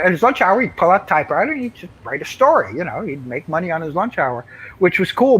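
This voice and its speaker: A man's voice: high voice, fairly bright tone, slight background noise, poor audio. An older man, a comics writer, telling anecdotes in casual interview chat, rambling with many fillers and restarts.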